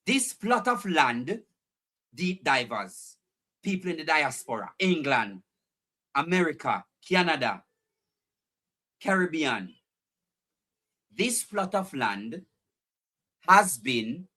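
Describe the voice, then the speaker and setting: A man's voice: on the high side, takes it slowly, long pauses, breathy edge. A man with a Jamaican accent hosting a live stream, chatting animatedly to his viewers and repeating his points. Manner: animated, repeats phrases, talks directly to chat viewers. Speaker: livestream host.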